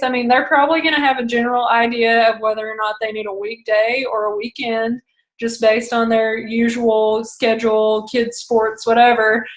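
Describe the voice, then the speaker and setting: A woman's voice: a little high, little pitch movement, moderate pace. Chatty woman coaching, roomy echo. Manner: chatty, acts out phone calls in quoted voices. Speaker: direct sales consultant coaching a team. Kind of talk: casual coaching talk.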